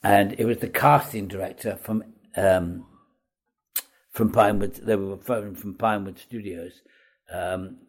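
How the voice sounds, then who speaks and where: Older man, husky, lowish voice, self-deprecating, rambling anecdotes. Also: measured pace. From Wales. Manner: chatty, self-deprecating, lively with hesitations. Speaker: veteran actor guest. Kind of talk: anecdotal storytelling.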